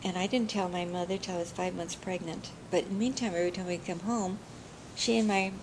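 Older woman, low and gravelly, chatty oral history storyteller who laughs easily. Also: fairly even intonation, brisk, noisy background. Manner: chatty, often laughing while recalling. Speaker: interviewee.

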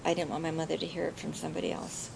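A woman's voice: deep voice, steady tone, rapid-fire, gravelly, noisy background. An older woman telling family stories in an oral history interview, chatty and laughing often.

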